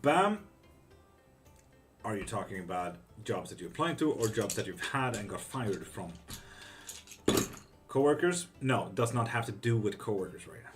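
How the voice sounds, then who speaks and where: A man's voice: on the low side, animated, normal speed, long pauses, soft background music. Blunt, swearing male livestream tarot reader. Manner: blunt, swears freely, reads chat questions aloud and answers them. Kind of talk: casual livestream chat reading viewer comments.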